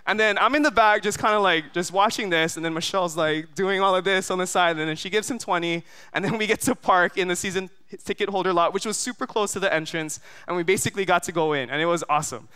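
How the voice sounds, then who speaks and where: A man's voice: high-pitched, fast, few pauses, bright, forceful tone, smooth. A man from Hawaii preaching a sermon, telling a long story full of fillers and often asking the crowd "right?". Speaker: pastor. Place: church service.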